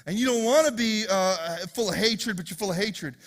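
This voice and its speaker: High-voiced man preaching with big swings. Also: normal speed. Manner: animated preaching, swings from loud to hushed, repeats phrases. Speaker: pastor. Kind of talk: sermon. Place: church hall with congregation.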